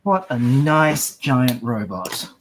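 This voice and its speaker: A man's voice: medium pitch, big pitch swings, slow pace, a little hiss or hum. A man with an Australian accent, chatting casually on a livestream while drawing, often trailing off mid-sentence. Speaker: comic artist drawing live on stream.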